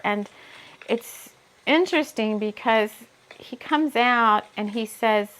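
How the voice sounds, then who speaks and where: A woman's voice: fairly high pitch, slow, a bit bright. A woman who is an author doing an intuitive spiritual reading, thinking aloud with many asides while she reads from her book.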